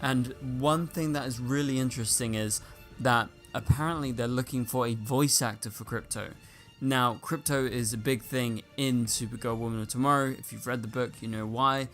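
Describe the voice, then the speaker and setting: A man's voice: mid-range voice, fairly even intonation, normal speed, a bit bright. A man hosting a casual commentary show, talking through casting news in a chatty way, filling his talk with "like" and "you know". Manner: chatty, filler-heavy with frequent "like" and "you know". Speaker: YouTube host. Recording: faint music behind.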